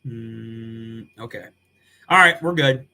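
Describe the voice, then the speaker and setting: A man's voice: medium pitch, slow pace, bright, forceful tone, slight background noise. A man reacting live on stream, talking in a casual, slangy way with frequent swearing and laughter.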